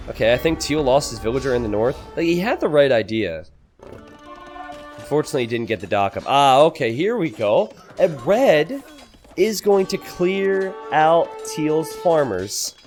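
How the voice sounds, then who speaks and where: Excitable man commentating a strategy game. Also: a little high. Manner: excitable, laughs and exclaims at blunders.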